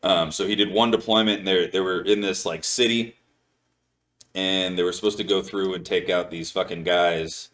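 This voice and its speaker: A very low-pitched man tells a story on his podcast in a loose, casual way. His talk rambles and is full of swearing and "like" fillers. His voice sits deep in the chest. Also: fairly even intonation, moderate pace, fairly bright tone. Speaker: podcast host.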